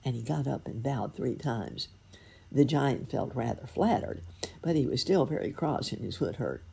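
Husky low-voiced woman reading a storybook. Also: moderate pace. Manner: expressive, lively reading. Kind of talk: storybook narration.

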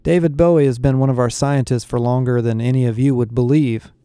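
A man's voice: medium pitch, steady tone, brisk, dark tone, clear, resonant tone, no room sound, clean studio sound, lightly acted. A man voicing a firm, matter-of-fact male mentor who explains and insists, in an audiobook.

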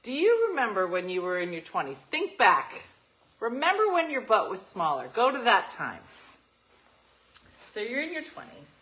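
A woman's voice: fairly high pitch, huge pitch swings, normal speed, fairly bright tone, rough recording. A woman, chatting as a talk show co-host and telling stories playfully with acted-out asides. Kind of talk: casual chat.

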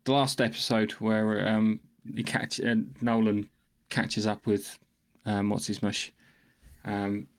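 A man co-hosting a casual podcast chat, dry and rambling. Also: lowish voice. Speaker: podcast co-host.

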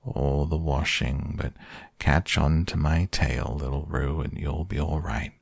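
Man doing a gloomy old donkey, gravelly, slow grumbling, low and dry, storybook reading. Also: steady tone, dry recording, exaggerated voice.

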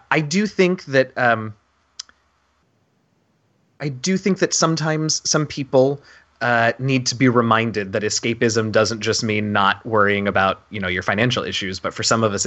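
Bright-voiced man talking tabletop games. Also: lowish voice. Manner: animated, earnest, with frequent fillers and restarts. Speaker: podcast co-host. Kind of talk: casual discussion about tabletop game mastering.

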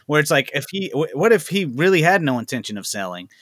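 Halting, profane male podcast co-host. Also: a little high, very animated, fairly bright tone, dry recording, clean studio sound. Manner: halting, profane, frequent backchannels. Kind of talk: casual chat.

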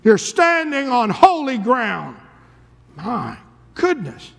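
A male preacher telling a story dramatically in a sermon, dropping to a hush and then rising to a shout. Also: very high-pitched, vocal fry. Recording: long reverb of a large hall.

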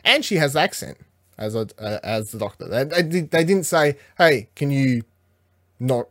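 A man's voice: medium pitch, animated, moderate pace, a bit bright, no echo. Guy recapping an episode, swears a lot, rambles, does little bits of the characters, dry sound. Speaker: podcast co-host. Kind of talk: casual episode recap chat.

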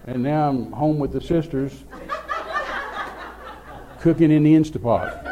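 An older man tells a long, rambling story from the pulpit, chuckling as he goes. His voice sits a little high for a man, with a gravelly edge and a dark, mellow tone. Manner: folksy, rambling, laughing storyteller. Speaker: preacher. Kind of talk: sermon storytelling.

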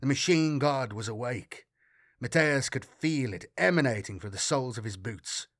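A man narrates a science fiction audiobook in a measured, dramatic way. His voice sits in an average pitch and is recorded dry and close, with no room sound. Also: animated, fairly bright tone, no echo.

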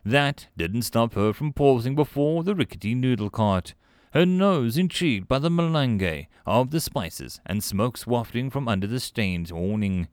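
A man narrating sci-fi short stories in an expressive, animated audiobook style. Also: mid-range voice, unhurried, clear, resonant tone, no echo, clean studio sound.

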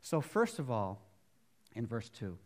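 A middle-aged male pastor preaching a sermon, swinging from near-whispers to loud emphatic bursts, with chatty asides and rhetorical questions. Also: mid-range voice, wildly swooping pitch, unhurried.

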